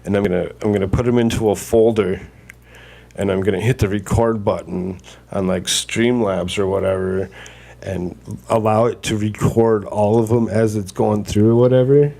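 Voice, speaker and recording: Low-ish guy hosting a chill podcast, kinda rambly, streamer mic. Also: steady tone, normal speed, creaky, dark tone. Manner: rambling, with frequent fillers and restarts. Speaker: podcast host. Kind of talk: casual chat.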